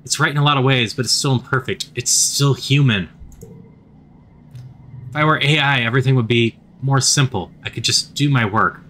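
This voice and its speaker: A man voicing a prickly teenage girl genius scientist, clipped and bitter, in his own bright voice. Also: medium pitch, normal speed, a little hiss or hum, close to an everyday voice. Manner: clipped, bitter, self-serious.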